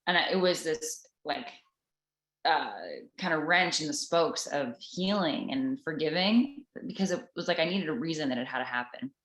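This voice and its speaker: A woman sharing a personal spiritual story with a group, earnest and halting, with many restarts. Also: deep voice, fairly bright tone. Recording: roomy echoing room.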